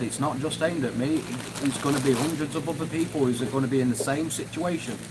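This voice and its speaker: A man's voice: mid-range voice, noisy background. A man hosting a live stream, ranting angrily and swearing heavily as he reads and answers chat. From United Kingdom. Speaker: livestream host.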